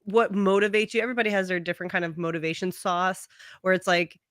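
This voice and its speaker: A woman's voice: fairly low pitch, level tone, quick pace, fairly bright tone, no room sound, studio quality. A young woman guesting on a stream, chatting casually, effusive and profane, often laughing. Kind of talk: casual chat.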